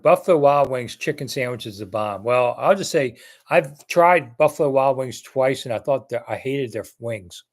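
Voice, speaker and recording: A man from Washington, D.C., hosting a casual live-stream chat, rambling as he answers viewer comments one by one. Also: mid-range voice. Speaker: host.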